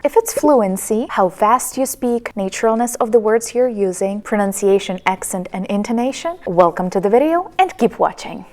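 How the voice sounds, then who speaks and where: A bubbly young woman teaches English straight to camera in an upbeat, friendly lesson. She is affectionate with her viewers, sends kisses, and speaks at an ordinary middle pitch. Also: a little mellow.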